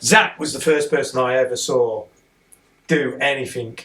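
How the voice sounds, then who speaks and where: A man, a podcast guest, telling an excited, rambling story in casual conversation, sitting some way off the mic. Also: medium pitch, normal speed.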